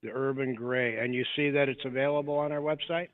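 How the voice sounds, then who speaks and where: A man answering as a dealership salesperson, brisk and polite on the call. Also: medium pitch, fairly even intonation, no echo. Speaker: car salesman on the phone. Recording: tinny phone line.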